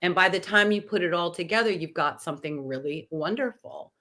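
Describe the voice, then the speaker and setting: A woman in her sixties, a podcast guest, telling an animated story and acting out the dialogue. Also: fairly low pitch, a little fast. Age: 60s. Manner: animated, acts out quoted dialogue. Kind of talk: anecdotal storytelling in conversation.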